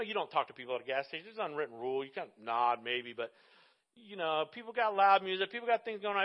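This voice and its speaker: A man in his fifties, a pastor, preaching a conversational sermon that swells into emphatic passages. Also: high voice. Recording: dull lo-fi sound.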